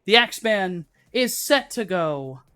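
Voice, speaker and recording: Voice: medium pitch, sing-song, unhurried, bright, forceful tone, clear, resonant tone, dry recording, soft background music. A game master narrating a live tabletop game in a casual, swearing, filler-heavy way.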